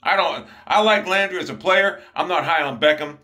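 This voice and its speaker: A man's voice: a little high, normal speed, sharp tone. A man from Ohio ranting angrily and profanely about his football team. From Ohio, USA. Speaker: sports commentator. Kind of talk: angry fan rant.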